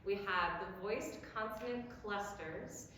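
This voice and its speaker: Woman teaching diction in a big echoey hall, slow demo sounds, faint hum behind. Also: medium pitch, a bit bright. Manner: demonstrates sounds slowly and has the audience repeat. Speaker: voice lecturer. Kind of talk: diction lecture. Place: lecture hall. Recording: very echoey hall, long reverb.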